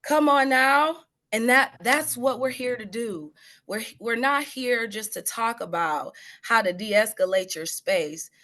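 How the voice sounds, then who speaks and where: A woman facilitating a workshop over a video call, her high voice bright and forceful. She takes her time with each phrase and keeps cheering participants on with affirmations. The sound is that of an online meeting. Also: unhurried. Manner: effusive, affirming, calls out encouragement. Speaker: trainer leading an online workshop.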